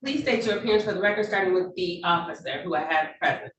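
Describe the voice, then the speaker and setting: A woman judge running court proceedings over a video call, speaking in a measured, polite, procedural way. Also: lowish voice, a bit bright. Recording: echoey, distant, faint noise.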